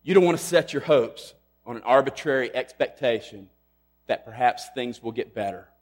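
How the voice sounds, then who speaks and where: A man preaching a sermon, emphatic, rising loud on questions and dropping to a hush on key lines. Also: mid-range voice, expressive, normal speed. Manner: emphatic, swings between loud and hushed. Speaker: pastor.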